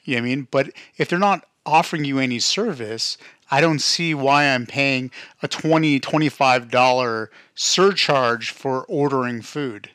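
A man's voice: mid-range voice, normal speed, fairly bright tone, no room sound. Man, podcast co-host, opinionated, dry close sound. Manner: opinionated, leads the topics, keeps asking "you know what I mean". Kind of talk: casual chat.

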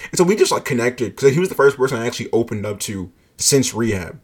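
A man's voice: mid-range voice, sing-song, fast talker, breathy edge. A man casually telling a personal story, swearing freely, leaning on "like" and laughing along as he goes. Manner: laid-back, profane, heavy use of "like", laughs often.

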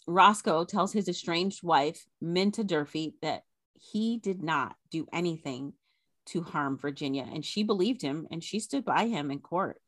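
A woman's voice: lowish voice, no room sound. A woman co-hosting a podcast, animatedly retelling an old scandal with chatty asides. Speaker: podcast co-host. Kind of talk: casual history storytelling.

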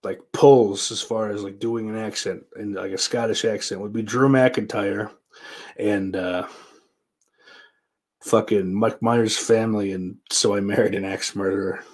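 A man's voice: on the low side, steady tone, measured pace, darkish tone. A man hosting his own show, talking in a loose, rambling, profanity-heavy monologue. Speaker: podcast host.

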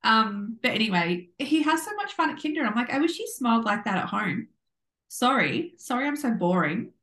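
A woman's voice: a little high, moderate pace. Bubbly woman telling a story. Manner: bubbly, animated storyteller, acts out quotes. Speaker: podcast co-host. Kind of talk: casual chat. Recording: echoey room.

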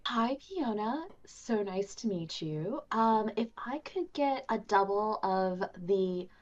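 A woman with a lively, swooping voice playing a breezy, fussy customer in a tabletop game. Her pitch sits in the middle range, and faint music plays behind her. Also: slow pace, lo-fi sound. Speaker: player. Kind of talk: in-character tabletop play.

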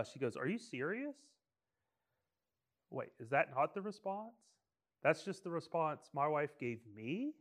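A man preaching a casual, humorous storytelling sermon, joking and checking in with frequent tag questions and restarts. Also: medium pitch.

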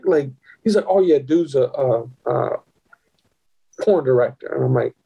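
A husky man with a fairly high voice spins a profane, animated anecdote. His pitch leaps sharply whenever he quotes someone else. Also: normal speed, rough recording. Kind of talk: casual storytelling.

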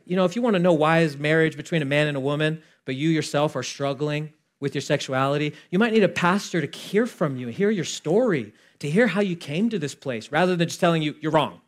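Young male pastor, fairly high voice, conversational preaching, animated, loud peaks and quiet asides. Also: fairly quick, few pauses. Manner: animated and conversational, acting out dialogue, swinging from loud to hushed. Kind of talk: sermon.

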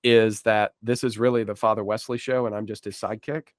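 A man's voice: lowish voice, flat delivery, brisk, no echo, studio quality. A man co-hosting a podcast, chatting casually with self-deprecating jokes. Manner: joking, self-deprecating asides. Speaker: podcast co-host.

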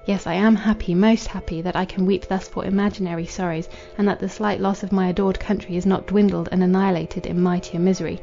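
A grieving young noble wife speaks softly and formally, tender and resigned, as a woman narrator reads her part. Her voice is mellow, quiet and level in pitch. The recording is dull and lo-fi, with faint music behind. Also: level tone, quick pace, gravelly, hardly any pauses. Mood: sorrowful. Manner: soft, formal, old-fashioned speech.

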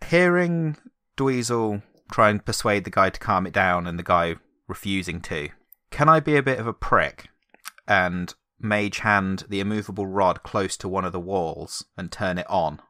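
A man's voice: deep voice, animated, moderate pace, pushed and bright, no room sound, studio quality. A man playing a tabletop game, wry and mischievous as he plans his move. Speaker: player. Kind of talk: casual tabletop game chat.

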